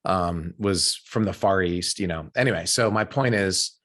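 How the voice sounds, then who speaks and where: A man's voice: deep voice, normal speed, fairly bright tone. A middle-aged American man hosting a casual podcast conversation, telling stories with frequent restarts. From United States. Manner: chatty, storytelling with frequent restarts. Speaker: podcast host.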